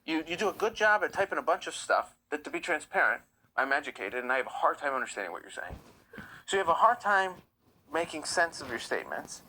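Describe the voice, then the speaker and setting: Reading his chat aloud and replying bluntly, an American livestream host speaks in a bright, forceful voice on the high side. The audio quality is poor.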